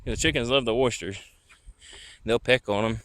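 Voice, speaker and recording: A man gives a casual walking-tour vlog of his rural property after dark, rambling easily as he films outdoors with a handheld camera. He speaks at normal speed in a mid-range, slightly bright voice.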